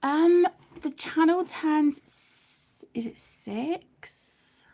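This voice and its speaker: Lady chatting on her colouring stream, slow and soft, bit gravelly, half whispering a lot. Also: high voice. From United Kingdom. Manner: soft-spoken, often drops to a near whisper; chatty, warm-hearted, many fillers and restarts. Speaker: colouring channel host. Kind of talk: casual live-stream chat while colouring.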